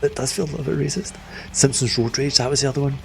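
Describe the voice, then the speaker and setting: A man's voice: medium pitch, steady tone, very fast, creaky, faint music behind. A man casually commenting while he plays a video game, chatty and jokey, with enthusiastic asides. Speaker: gaming video host. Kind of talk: casual commentary over gameplay.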